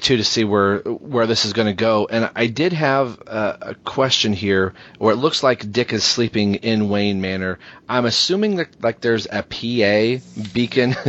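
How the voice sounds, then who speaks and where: A man's voice: fairly low pitch, fairly bright tone. A man co-hosting a podcast, casually thinking aloud and posing questions. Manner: thinking aloud, hesitant restarts. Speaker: podcast co-host. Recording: dull lo-fi audio.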